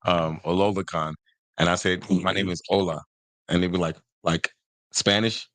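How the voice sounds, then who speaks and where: Very deep-voiced man chatting casually. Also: normal speed, dry recording. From Nigeria. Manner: animated, teasing, spells words out. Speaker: podcast co-host. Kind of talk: casual chat.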